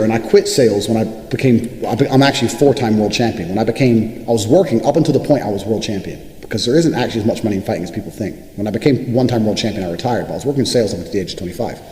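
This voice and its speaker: A man's voice: medium pitch, mellow. A man delivering an unscripted monologue to camera, boastful and profane, with a swaggering manner. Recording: echoey room with long reverb.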